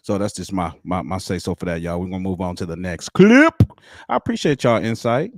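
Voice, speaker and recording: A man's voice: low voice, big pitch swings, a little fast, no echo, studio quality. A man hosting a live stream, musing aloud in a casual, rambling way with frequent restarts. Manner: thoughtful, rambling, with many restarts.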